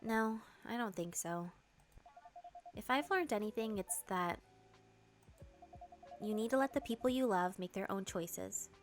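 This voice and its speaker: A woman's voice: medium pitch, lively intonation, a little slow, pauses often, slight background noise. A woman voicing an earnest, worried young woman planning her wedding, reading game dialogue. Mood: concerned. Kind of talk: game dialogue read-through.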